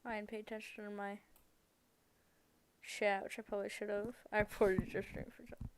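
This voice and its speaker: A woman's voice: medium pitch, little pitch movement, normal speed. Woman thinking aloud on a stream. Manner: thinking aloud, rambling and correcting herself. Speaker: live streamer. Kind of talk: casual live-stream talk while coding.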